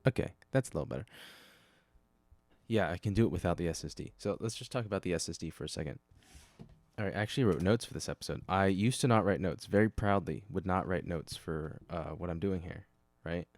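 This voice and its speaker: Low-voiced man rambling on his podcast. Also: brisk, a little mellow. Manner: rambling, self-correcting, talks to himself. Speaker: podcast host. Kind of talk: casual solo podcast chat.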